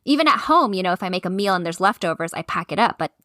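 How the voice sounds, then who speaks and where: Woman, 30s, podcast co-host. Bright, forward tone, loose chatty delivery full of fillers and laughs. Dry booth sound. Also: on the low side, animated, racing, no room sound. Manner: chatty, laughs often, many likes. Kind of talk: casual chat.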